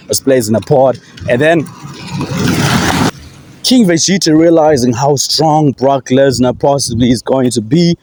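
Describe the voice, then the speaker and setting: Speaking in a mid-range, slightly mellow voice, this young wrestling vlogger from Africa rants loosely on his own. He rambles, swears and breaks into frequent laughter.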